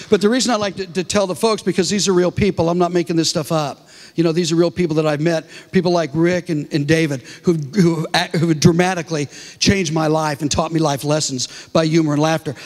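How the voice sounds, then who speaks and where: Animated man telling stories in a hall. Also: fairly high pitch, quick pace. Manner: animated storytelling with many restarts. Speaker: comedian and guest speaker. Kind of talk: humorous talk to a congregation. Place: large church hall. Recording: reverberant hall.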